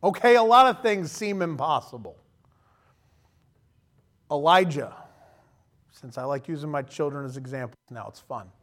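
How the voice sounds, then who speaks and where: A man's voice: on the high side, animated, moderate pace, pauses often, fairly bright tone. A man in his thirties preaching a sermon in a conversational way, often acting out the voices of the people he quotes. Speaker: pastor.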